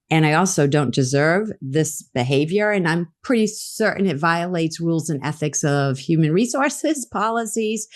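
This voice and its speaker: A woman with a low voice tells her story as a podcast guest. She is middle-aged and animated, and she voices the lines of the people she quotes. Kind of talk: storytelling in a conversation.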